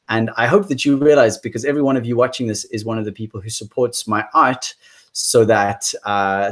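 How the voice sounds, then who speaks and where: A man hosting a casual musician's livestream, chatting in a rambling way and reading out viewer comments. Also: lowish voice. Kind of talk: casual live-stream chat.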